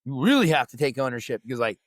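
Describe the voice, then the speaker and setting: A middle-aged veteran, guesting on a podcast, tells a story in casual conversation, swearing freely and imitating the voices of the people he quotes. His medium-pitched voice swings widely and moves very fast, in a dry recording.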